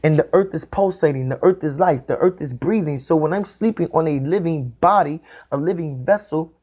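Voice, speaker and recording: A man's voice: fairly high pitch, lo-fi sound. Emphatic man preaching a spiritual talk. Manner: repetitive, emphatic, drawn-out phrasing. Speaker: spiritual speaker. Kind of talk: preaching monologue.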